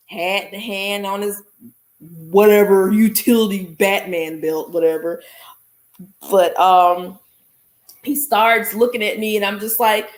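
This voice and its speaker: A woman's voice: medium pitch, normal speed, reverberant. A woman, telling a story to her listeners in a blunt, casual podcast monologue. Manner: animated, blunt, addresses listeners as y'all. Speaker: podcast host.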